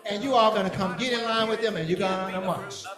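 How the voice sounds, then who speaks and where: A man leading a church children's program, playful and energetic, teasing the kids and adults as he gets them moving. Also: high voice, fast. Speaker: VBS program leader. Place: large church hall. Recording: echoey hall with crowd.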